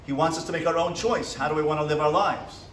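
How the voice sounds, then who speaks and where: A man's voice: on the high side, fast, a little hiss or hum. A man, a rabbi, giving a motivational lecture to a class, asking them questions and acting out small dialogues. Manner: asks the audience questions and acts out little dialogues. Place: seminary classroom. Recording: echoey room from a distance.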